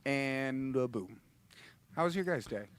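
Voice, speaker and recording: A man's voice: mid-range voice, expressive, unhurried, a little hiss or hum. A man hosting a casual livestream, rambling and laughing, restarting his sentences often. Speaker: host and musician.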